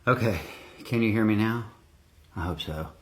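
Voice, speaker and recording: In a relaxed home baking vlog, a man whose voice sits on the low side talks at a moderate pace, meandering with little asides. The setting is an indoor home baking room, and he records with a phone, sometimes earbuds.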